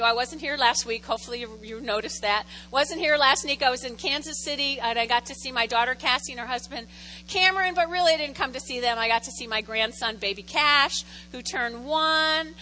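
High bright woman pastor telling stories. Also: slight background noise, low-quality recording. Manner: animated storytelling, repeats phrases for effect. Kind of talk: conversational sermon. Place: church sanctuary.

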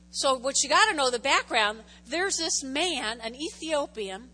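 A woman preaching a lively sermon, reading scripture aloud and calling on the congregation to answer. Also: high-pitched, moderate pace, few pauses. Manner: animated, calls on the congregation to respond. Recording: long hall reverb.

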